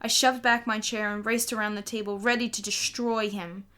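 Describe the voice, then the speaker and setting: A woman reading a children's novel aloud in a lively storytelling way. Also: mid-range voice, normal speed. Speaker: audiobook reader.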